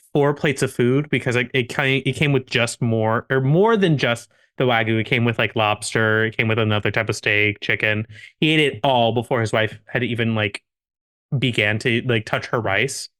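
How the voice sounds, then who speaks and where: A man's voice: mid-range voice, a bit bright, clean tone. A man co-hosting a podcast, telling a long anecdote casually among friends, full of restarts and laughter. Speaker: podcast co-host.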